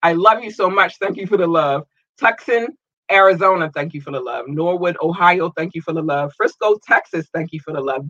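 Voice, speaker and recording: Upbeat male podcast host, animated, slightly high voice, dry close sound. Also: brisk, dry recording, dull audio. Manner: upbeat, animated, stumbles over place names. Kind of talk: casual shout-outs to listeners.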